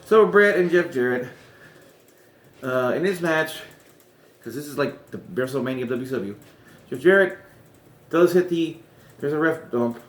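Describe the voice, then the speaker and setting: A man's voice: on the high side, lively intonation, normal speed, pauses often. A man chatting casually about rebooking wrestling storylines, rambling and correcting himself with chuckling asides. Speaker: wrestling podcaster. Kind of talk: casual fantasy-booking chat. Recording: roomy echo.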